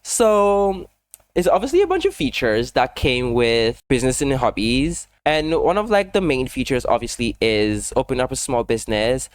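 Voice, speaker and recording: Casual male YouTuber voice-over, animated swooping delivery, rambly and self-mocking. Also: medium pitch. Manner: rambling, fast-talking, self-deprecating, many fillers. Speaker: gaming YouTuber. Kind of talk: casual chatty voice-over over a speed build.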